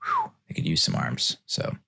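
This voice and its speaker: A man's voice: very deep voice, wildly swooping pitch, normal speed, creaky, sharp tone, breathy edge. A man in his thirties hosting a solo podcast, talking in a rambling, self-mocking way and slipping into sarcastic mock-formal voices. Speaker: podcast host. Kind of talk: casual solo podcast monologue.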